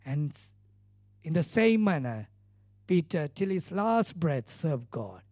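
A man's voice: on the high side, very animated, slow pace, dark tone, no echo, studio quality. A male pastor preaching a sermon, retelling scripture earnestly with emphatic repeated phrases.

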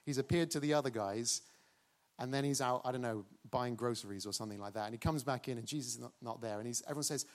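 A man delivers a dramatic sermon at a middling pitch. He slows down to stress key words and keeps coming back to a rhetorical refrain. His tone is animated and engaged with his listeners. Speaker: preacher.

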